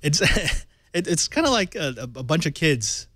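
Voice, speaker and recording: Lively, animated male tech show host. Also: on the high side, a little slow, no echo. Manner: animated, rising and falling questions. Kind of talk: panel tech talk show.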